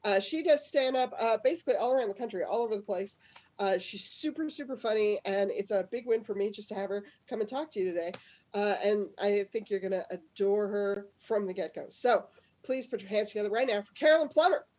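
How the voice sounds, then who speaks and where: A woman hosting a live storytelling comedy show over a video call, chatty and quick to laugh as she tells her own tale and introduces acts. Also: mid-range voice, darkish tone, a little hiss or hum. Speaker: show host.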